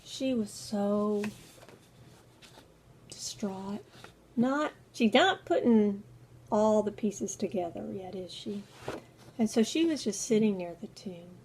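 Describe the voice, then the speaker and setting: An unhurried woman telling a children's Bible story with expressive delivery, her voice often dropping to near whispers. She speaks slowly and deliberately over faint background noise. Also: mid-range voice.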